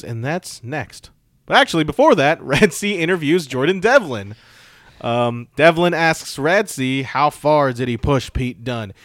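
A man's voice: mid-range voice, a bit bright, no echo. Dry-voiced man recapping from notes. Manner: reads through notes, quick asides. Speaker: podcast co-host recapping wrestling. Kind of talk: casual recap chat.

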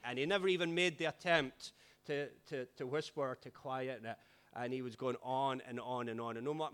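A Scottish man, a pastor, giving a chatty, relaxed sermon with stories and fillers. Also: mid-range voice. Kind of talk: informal sermon storytelling.

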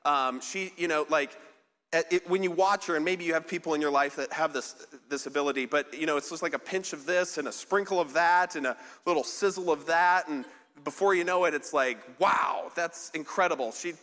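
Speaking briskly in a fairly high, bright voice, a pastor gives a casual, chatty sermon that echoes through a large hall. He pokes fun at himself, wanders in his talk, and keeps restarting amid lots of fillers like um and like.

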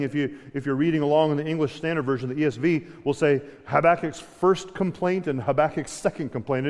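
A man's voice: on the high side, darkish tone. Conversational male preacher in a reverberant hall. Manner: conversational, with frequent restarts and dramatic paraphrase. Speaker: pastor. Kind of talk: sermon.

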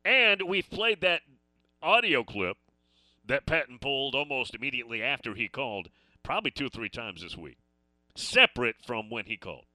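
A man's voice: mid-range voice, big pitch swings, normal speed, sharp tone, no echo. A man hosting a sports call-in radio show, talking casually and rambling between stories and listener messages.

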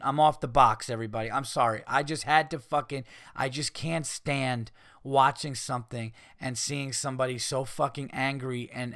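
A man hosting a podcast, ranting casually with heavy swearing and mocking people in put-on high voices. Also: a bit bright, no room sound, studio quality. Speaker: podcast host. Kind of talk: casual rant.

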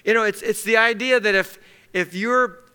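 A man preaching in an easy, conversational way, often checking in with his listeners. His voice sits high for a man and sounds very bright and forceful. He slips into quick little acted-out exchanges to make his point. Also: clean tone. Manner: conversational, asks the congregation to circle words, acts out little scenes. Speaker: pastor. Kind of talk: sermon.

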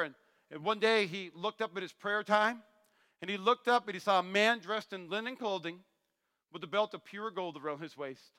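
A male pastor preaching a sermon, animated and joking, acting out Bible characters' lines. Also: sits high, clean tone. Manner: animated, acts out voices of Bible figures, jokey asides. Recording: long hall reverb.

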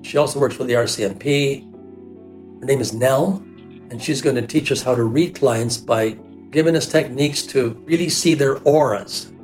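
A man's voice: medium pitch, moderate pace. Older guy spinning a story, jumps into other voices, rambly, faint music under it. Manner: animated, jumps into quoted voices, loose run-on phrasing. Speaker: hairdresser telling a personal story. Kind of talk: casual storytelling.

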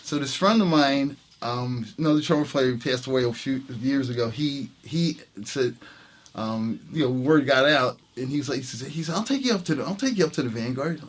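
A man with a mid-range voice speaks at normal speed. He's a jazz trumpet player sharing a casual anecdote in an interview, animated and laughing often as he acts out the quoted dialogue.

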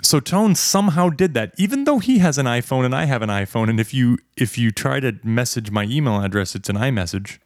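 A man's voice: medium pitch, expressive, fairly quick, few pauses, dry recording. Rambling male podcast host, dry sound. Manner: rambling storyteller, self-correcting. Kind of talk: casual chat.

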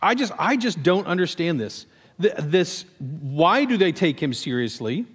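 Pastor, male, fairly high voice; conversational, animated sermon delivery; long church reverb. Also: a little slow, breathy edge. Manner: conversational, animated storytelling with acted asides. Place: church sanctuary.

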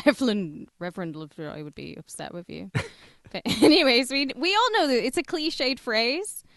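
A woman's voice: fairly high pitch, very animated, a bit bright, no echo. Cumbrian woman, podcast co-host, teasing and giggly, dry close-mic sound. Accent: Cumbrian English. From Carlisle, England. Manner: giggly, teasing, quick to laugh. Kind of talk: casual comedic chat.

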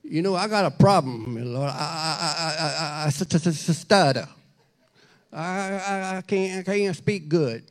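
A man voicing Moses as a hesitant, stammering man pleading his case. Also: high-pitched. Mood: flustered. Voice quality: stuttering, halting.

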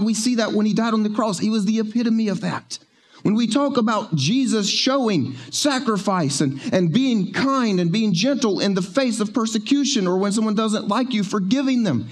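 A male pastor preaching a sermon in a church, conversational and joking, slowing down to stress key words. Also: sits high. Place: church sanctuary.

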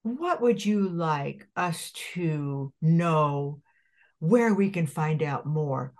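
A woman's voice: mid-range voice, darkish tone. An older woman hosting a podcast over a video call, gushing and preachy in an enthusiastic interview chat. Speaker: podcast host.

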